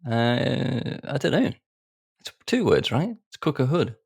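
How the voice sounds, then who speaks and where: A man's voice: medium pitch, sing-song, unhurried, creaky, husky, no echo, studio quality. A man co-hosting a podcast, joking and laughing his way through casual banter. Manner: jokey, self-mocking, laughs often. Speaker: podcast co-host.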